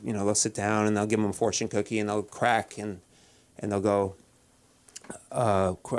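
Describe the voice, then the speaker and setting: A man doing a deadpan stand-up set at an open mic, halting with many restarts and fillers. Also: on the low side, smooth. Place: comedy club stage.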